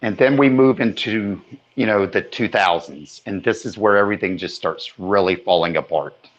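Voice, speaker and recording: A man hosting a podcast, giving slow, opinionated views with casual swearing. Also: lowish voice, lo-fi sound. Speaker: podcast host.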